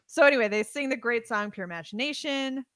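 A woman's voice: on the high side, animated, fast talker, fairly bright tone. A young adult woman co-hosting a podcast in a casual, joking chat, swearing freely. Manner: playful, swears, jokey. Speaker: podcast co-host.

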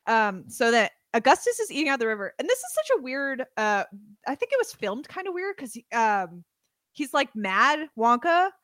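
Woman, young adult, podcast co-host, casual chat, playful, animated pitch. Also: moderate pace, dry recording, clean studio sound. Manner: playful, swears, jokey.

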